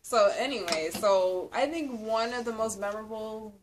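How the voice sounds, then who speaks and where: A woman's voice: fairly high pitch, moderate pace. A woman chatting casually with a friend, laughing along and chiming in with short reactions. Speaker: co-host friend. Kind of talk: casual chat. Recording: noisy recording.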